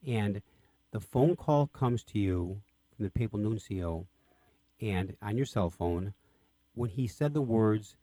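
A man's voice: lowish voice, lively intonation, slow pace, warm tone, no room sound, studio quality. A man hosting an interview who asks questions with enthusiasm. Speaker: host, interviewer. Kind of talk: radio interview.

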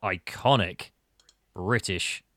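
A man hosting a casual podcast chat about a film, talking in an animated, rambling way. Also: sits low, slow, no room sound, studio quality. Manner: animated, rambling, acts out quotes. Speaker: podcast host.

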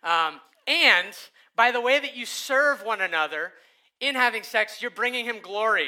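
A man preaching a sermon, animated, moving between loud passages and hushed ones and acting out the voices he quotes. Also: high-pitched, normal speed. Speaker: pastor.

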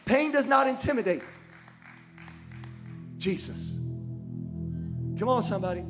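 A man preaching a sermon in a rhythmic, repeating cadence, rising from hushed storytelling to loud, fervent delivery. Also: sits high. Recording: music playing behind the voice.

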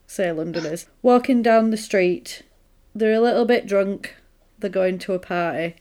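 A woman's voice: medium pitch, darkish tone, clean tone. A woman co-hosting a podcast, retelling a film in a chatty, amused way. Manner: chatty, amused storytelling with quoted asides. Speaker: podcast co-host. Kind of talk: casual chat.

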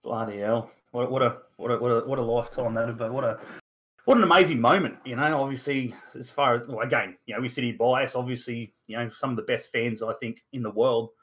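A man's voice: mid-range voice, steady tone, fast talker, fairly bright tone. An Australian man in his thirties hosting a casual sports podcast, rambling with lots of fillers and the odd mild swear. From Newcastle, Australia. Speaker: podcast host.

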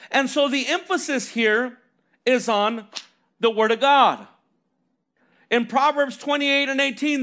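A man preaches a sermon in a strikingly high voice. He walks through scripture verses, poses rhetorical questions, and keeps dropping in "amen" and "right?". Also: a bit bright.

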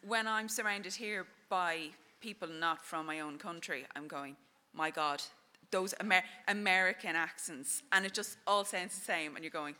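A woman's voice: on the low side, normal speed, few pauses, sharp tone, clear, resonant tone. A woman with a Dublin Irish accent, chatting casually at a live event, talkative and laughing easily. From Ireland. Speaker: audience member. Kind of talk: casual chat.

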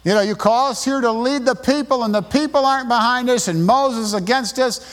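An exasperated male leader whines out his complaints to God in a pitched-up, pleading voice, as a preacher puts him on. Long reverb hangs behind him, as if in a large hall. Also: fairly quick, fairly bright tone. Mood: whining exasperated. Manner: whining, pleading.

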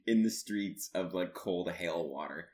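A young man with a deep, darkish voice speaks a little slowly as a podcast co-host. In casual chat, he tells stories animatedly and laughs often.

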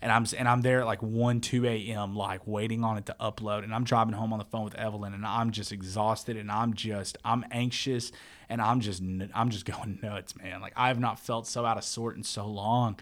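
Rambling, animated man telling a story. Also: fairly low pitch, fairly quick. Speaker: church media worker. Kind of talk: casual storytelling chat.

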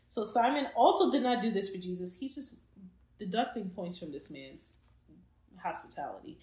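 Woman casually retelling scripture in an echoey room. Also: medium pitch. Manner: animated, joking, retells scripture in slang. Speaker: Bible study host. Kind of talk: casual Bible study chat. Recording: roomy echo.

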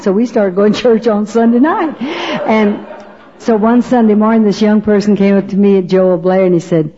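Older woman, folksy testimony, husky and warm, on a muffled old recording. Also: mid-range voice, moderate pace. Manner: folksy storyteller, often asks "you know what?". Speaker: speaker giving her testimony. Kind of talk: personal testimony to an audience. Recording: dull lo-fi recording.

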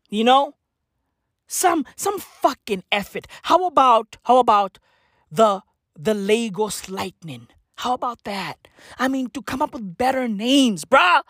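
A woman's voice: on the high side, fairly bright tone, no echo, studio quality. A woman doing a profane comic rant, repeating herself and laughing at her own jokes. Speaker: comedian.

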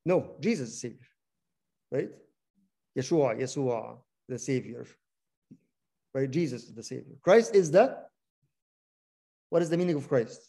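A man's voice: fairly high pitch, expressive, normal speed, creaky, pauses often, mellow, breathy edge. A man leading a Bible study, teaching interactively, often repeating words and asking the group questions.

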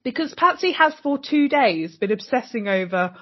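Woman recapping a show, husky voice, kinda dull lo-fi sound, acts out lines and swears a lot. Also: a little high, moderate pace. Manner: animated, acts out characters' lines, swears freely. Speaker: podcast co-host. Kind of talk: casual recap chat.

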